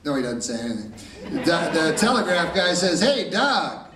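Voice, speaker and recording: A man doing stand-up comedy with a deadpan, rambling delivery, on stage before a laughing audience. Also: a little high, brisk, noisy background. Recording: roomy, distant live stage recording. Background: loud audience laughter.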